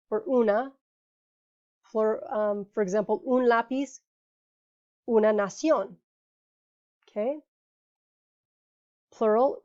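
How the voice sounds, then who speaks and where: A woman's voice: on the high side, dark tone, highs cut off. A woman teaching a Spanish grammar lesson in English, patient and explanatory, often checking in with "okay?" and "right?".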